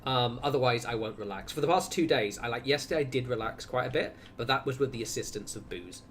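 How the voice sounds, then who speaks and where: A young man talks casually to his audience while he plays. His delivery is rambling and full of self-interruptions, and his voice sits at an ordinary middle pitch. A faint low rumble of noise runs underneath. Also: fast, fairly bright tone. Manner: rambling, self-interrupting, chatty asides to viewers. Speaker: streamer. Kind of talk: casual gaming livestream chat.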